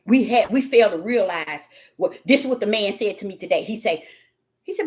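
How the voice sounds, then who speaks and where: Woman, preacher, fervent sermon, shouts then hushes, animated melodic voice. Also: mid-range voice, normal speed. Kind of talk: impassioned sermon.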